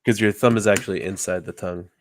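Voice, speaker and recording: Low-key man explaining a puppet build. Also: fairly even intonation, fast talker, a little hiss or hum. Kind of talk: casual chat while working.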